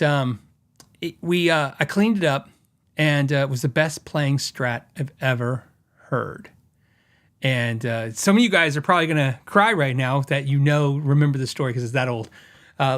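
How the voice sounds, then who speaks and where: A man's voice: fairly high pitch, fairly bright tone. A middle-aged man hosting a podcast, telling a rambling story with many fillers and acted-out quotes. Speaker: podcast host and guitar shop owner.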